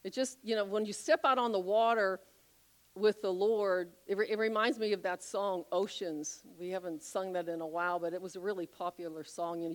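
A woman preaching a sermon, telling a Bible story with animated, acted-out voices. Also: medium pitch, fairly quick. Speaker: pastor.

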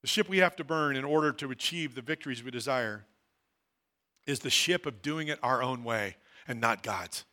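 A man, a pastor, preaching a sermon in a church, swinging from loud declarations to quiet, low asides. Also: normal speed. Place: church hall.

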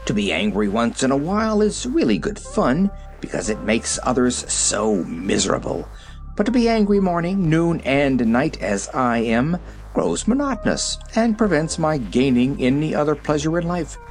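A furious old gnome king barks out orders, as a man reads him. The voice leaps up and down as he rages, with soft music under it. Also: mid-range voice, big pitch swings, measured pace, pitched above the performer's own voice. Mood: grumbling. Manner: shouting, roaring commands. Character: angry old male gnome king, ruler, tyrant.

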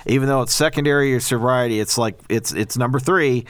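A man of medium pitch talks in an earnest, preachy way, laying out his points in long explanatory runs. His voice is smooth and resonant. He is recorded close on a dry mic with no room sound. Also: fairly quick, a bit bright, no echo. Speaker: podcast co-host. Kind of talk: casual faith-based recovery talk.

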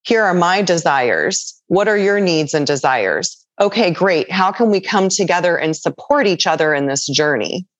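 A woman's voice: on the low side, animated, normal speed, few pauses, no room sound. A woman guest on a podcast conversation, explaining in an earnest, patient way. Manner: earnest, explanatory, acts out quoted voices. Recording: dull, dry lo-fi audio.

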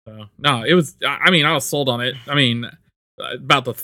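A man's voice: mid-range voice, brisk, sharp tone, dry recording, studio quality. A man co-hosting a casual podcast chat, blunt and swearing freely. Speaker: podcast co-host.

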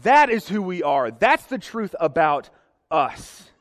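A man's voice: sits high, very animated, slow. A young man preaching a sermon to a congregation, earnest and emotional. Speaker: pastor. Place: church sanctuary. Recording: reverberant hall.

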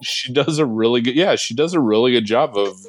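A man co-hosting a casual film podcast, who gives his opinions in a measured way. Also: medium pitch, noisy background. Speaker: podcast co-host. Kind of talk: casual chat.

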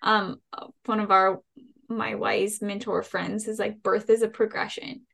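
A woman hosting an interview podcast, speaking in a warmly affirming and reflective way. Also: mid-range voice, steady tone, measured pace, gravelly. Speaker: podcast host. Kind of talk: conversational interview.

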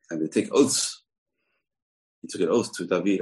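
Male scripture teacher with a deep voice, telling the story loosely and with animation, acting out the characters' lines. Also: moderate pace, long pauses, a little mellow, rough recording. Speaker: religious teacher. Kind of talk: retelling a scripture story in a lesson.

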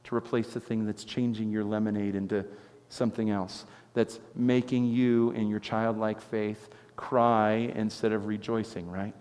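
A man preaching a sermon as pastor, telling stories with animated swings from loud exclamations to quiet intensity. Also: on the low side, unhurried, hardly any pauses, smooth, big-room sound. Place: church sanctuary.

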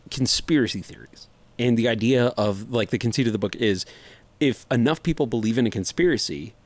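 A young man with a fairly low voice holds forth on a casual podcast. He rambles and jokes his way through the topic, stacking up fillers and restarting his sentences. The tone stays loose and conversational throughout. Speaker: podcast co-host reviewing comics.

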